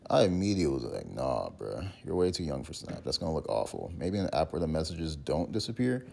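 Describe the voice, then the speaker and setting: A young man recounting chat messages in a rambling, halting way, with many fillers and restarts. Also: rumbling low, sing-song, vocal fry, mellow. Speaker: content creator responding to allegations. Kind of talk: casual recounting while reading messages aloud.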